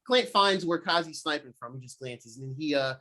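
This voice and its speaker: A man's voice: a little high, lively intonation, fairly quick, sharp tone. A young man co-hosting a podcast, giving a loose, rambling recap of an episode in casual slang. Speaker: podcast co-host. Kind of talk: casual chat.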